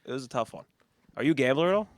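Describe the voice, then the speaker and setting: A man's voice: medium pitch, expressive, racing, no echo. Young man telling rambling stories. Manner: rambling storyteller, laughs often. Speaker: podcast host. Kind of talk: casual chat.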